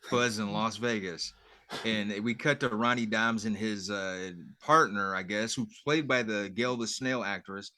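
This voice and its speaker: A man's voice: lowish voice, a little slow, pushed and bright, no echo, studio quality. A man co-hosting a podcast in casual chat, easygoing and rattling off details as he recaps a show. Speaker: podcast co-host.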